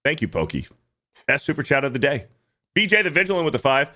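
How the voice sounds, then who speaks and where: A man's voice: medium pitch, very animated, fast, bright, forceful tone. A man co-hosting a casual livestream, reading donor messages aloud and joking in a profane, mocking way. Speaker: co-host reading super chats.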